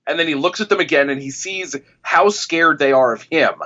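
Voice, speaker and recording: Here a TV critic and author, appearing as an interview guest, rambles through a story, often restarting and correcting himself. He sounds a little high and a little fast with a sharp tone, and the recording is muffled.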